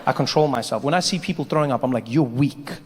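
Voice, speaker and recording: A man doing a stand-up comedy set, telling stories in an animated, self-mocking way. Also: medium pitch, racing, very noisy. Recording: reverberant hall, faint ambience.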